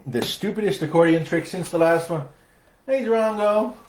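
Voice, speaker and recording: This man has a high-sitting voice and a moderate pace as he jokes wryly at his own expense on a livestream, offering casual stage patter between accordion numbers and a sung comic tango. Loud accordion plays behind, and the rough recording has slight background noise.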